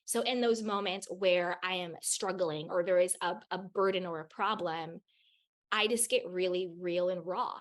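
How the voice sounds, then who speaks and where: A woman's voice: fairly low pitch, normal speed. A woman talks as a podcast guest, sharing spiritual advice with raw candor. She swears freely and repeats phrases to drive her points home. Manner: emphatic, repeats phrases for stress. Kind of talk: candid spiritual advice in conversation.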